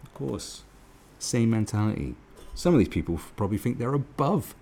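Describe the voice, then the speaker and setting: A man's voice: fairly low pitch, big pitch swings, normal speed, warm tone, slight background noise. A man giving a profane, mocking commentary rant as host of his own channel. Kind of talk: ranting commentary.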